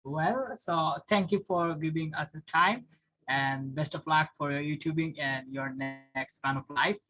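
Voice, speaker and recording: A man's voice: a little high, a little slow, bright, forceful tone, faint music behind, rough recording. A man from Bangladesh, hosting an interview in a formal, hesitant way with frequent uhs, over a video call. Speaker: interviewer, channel host. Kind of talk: casual interview conversation.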